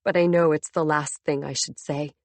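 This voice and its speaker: Low-voiced woman narrating an audiobook. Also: steady tone, moderate pace, a little mellow, dry recording. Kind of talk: first-person audiobook narration.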